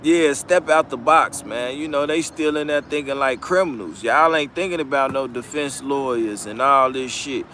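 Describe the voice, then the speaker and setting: A man's voice: medium pitch, normal speed, hardly any pauses, pushed and bright, a little hiss or hum. A man hosting a casual live-stream commentary, talking bluntly with heavy profanity and frequent restarts. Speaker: commentary channel host.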